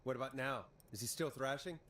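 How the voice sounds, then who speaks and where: An actor voicing a late-night radio DJ who stays calm and reassuring while handling callers. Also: male voice, mid-range voice, a little fast, background noise, close to an everyday voice.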